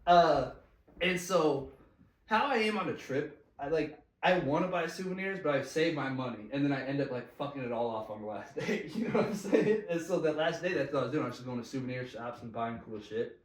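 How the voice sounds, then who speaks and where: A man's voice: mid-range voice, expressive, a little fast, far from the mic. A man casually telling a long story, laughing often and swearing freely in slangy talk. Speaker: podcast guest telling a story. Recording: echoey room, voice a bit off-mic.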